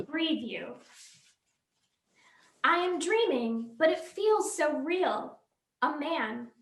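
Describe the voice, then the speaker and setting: A woman reads comic prose aloud in a high voice that swings widely in pitch. Her delivery is wry and expressive. The sound carries a roomy echo. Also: very slow, creaky. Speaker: reader at a library storytime.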